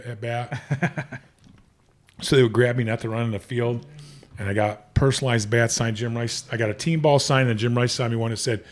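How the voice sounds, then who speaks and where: A man's voice: fairly low pitch, darkish tone. A man in his fifties, a podcast guest, telling long casual stories with many restarts and fillers. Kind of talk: casual storytelling.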